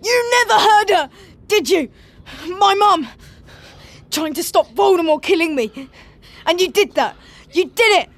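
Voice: extremely high pitch, animated, measured pace, pauses often, a bit bright, voice pushed up, heavily acted. Harry, a shaking, furious boy. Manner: shaking, accusing, raised voice. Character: furious grieving teenage boy wizard. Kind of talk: audiobook character voice.

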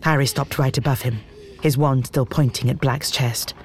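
An audiobook narrator reading fantasy in a measured, dramatic storytelling manner. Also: mid-range voice, steady tone. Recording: music bed under narration. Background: background music.

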